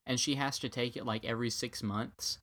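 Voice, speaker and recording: A man's voice: mid-range voice, steady tone, fairly quick, a bit bright. A young man co-hosting a podcast, telling a story in a wry, joking way and acting out what people said. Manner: wry, joking storyteller who acts out quotes. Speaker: podcast co-host. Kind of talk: casual storytelling chat.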